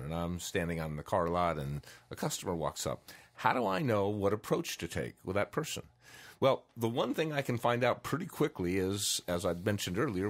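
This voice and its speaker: Man teaching in a relaxed, low voice. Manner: relaxed, conversational, acts out customer voices. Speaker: mindfulness teacher. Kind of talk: casual spoken lesson.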